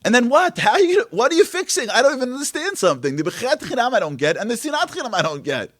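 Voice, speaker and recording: At a Tisha B'Av event venue, a man gives an impassioned inspirational talk in a very high, lively voice that leaps around. He fires off rhetorical questions at a quick pace, dropping from loud bursts to near hushes. The sound is close and dry, with little room and no echo.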